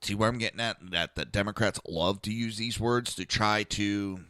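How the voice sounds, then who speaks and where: A man's voice: lowish voice, normal speed, fairly bright tone, clear, resonant tone, no echo, studio quality. A man hosting a podcast, delivering a blunt, profane political monologue full of rhetorical questions. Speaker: podcast host. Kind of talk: opinionated political commentary monologue.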